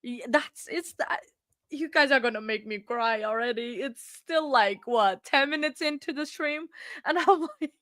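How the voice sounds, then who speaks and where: A woman's voice: high-pitched, measured pace, a bit bright, no echo, studio quality. A woman hosting a true crime livestream, chatting casually and gushing thanks to her viewers in a rambling, emotional way. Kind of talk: casual livestream chat, reading viewer comments.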